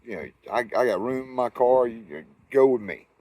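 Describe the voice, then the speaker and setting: A man's voice: medium pitch, animated, normal speed, mellow, no echo, lightly acted. A man doing an easygoing Texan guy. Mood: friendly. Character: easygoing male Texan driver, friendly and offhand.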